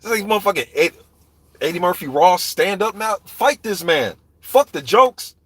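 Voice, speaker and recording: A man's voice: high-pitched, lively intonation, normal speed, a bit bright, husky, dry recording. A man ranting heatedly and profanely about boxing, talking straight to viewers in a live chat. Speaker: boxing commentator. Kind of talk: ranting live stream commentary.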